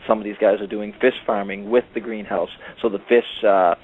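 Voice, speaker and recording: A low-voiced man calling into a talk show, rambling casually with endless "you know" fillers. He comes through a narrow, phone-like line. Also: steady tone, a little fast, a little hiss or hum. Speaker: caller. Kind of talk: casual call-in chat. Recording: tinny phone-line audio.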